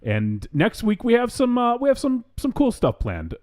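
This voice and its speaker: A man's voice: very high-pitched, wildly swooping pitch, normal speed, a little mellow. A man in his forties hosting a live podcast, chatting casually and laughing often. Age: 40s. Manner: laughs often, reads chat comments aloud. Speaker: podcast host. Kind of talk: casual live-show banter.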